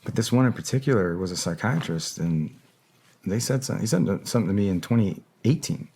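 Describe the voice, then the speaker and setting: A man with a fairly low voice talks through a long interview answer. He is candid and reflective and often stops to find the right words. He sounds middle-aged. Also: expressive, fast, a little mellow, a little hiss or hum. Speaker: interview guest, former special operator.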